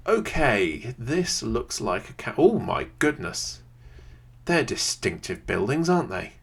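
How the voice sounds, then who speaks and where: A man, thinking aloud in casual gameplay commentary from a quiet home room, often pausing with "um". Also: medium pitch, sing-song, vocal fry, husky. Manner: thinks aloud, chatty, many "um"s. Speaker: video creator playing a geography game. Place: quiet home room with a computer under the desk.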